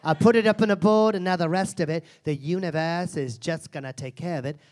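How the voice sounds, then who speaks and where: A crude, foul-mouthed self-help seminar guru in a live comedy act, a man putting her on. She mocks and insults her audience with theatrical scorn, in a voice pitched a touch higher than usual. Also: brisk, darkish tone, natural voice. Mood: brash. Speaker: comedian performing a character. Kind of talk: live stand-up character act.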